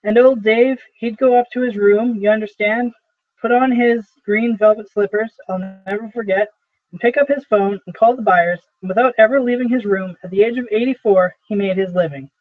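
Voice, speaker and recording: A man's voice: high voice, moderate pace, lightly acted. A man reading the part of an aging, weary male traveling salesman who pleads and rambles through his stories. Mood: earnest, nostalgic. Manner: earnest, rambling storytelling. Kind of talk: amateur play reading. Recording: tinny phone-like audio.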